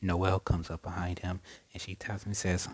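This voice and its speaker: Deep-voiced man rambling through a story. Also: flat delivery, fairly quick, slight background noise, poor audio. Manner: rambling, with many fillers and self-corrections. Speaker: storyteller retelling a fan scenario. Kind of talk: casual spoken retelling.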